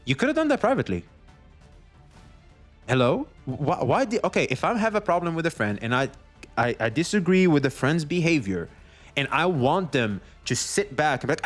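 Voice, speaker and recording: Animated, profane male streamer ranting. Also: fairly high pitch, moderate pace, soft background music. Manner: animated, profane, acts out others in quoted voices. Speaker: streamer commenting on drama. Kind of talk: casual commentary rant.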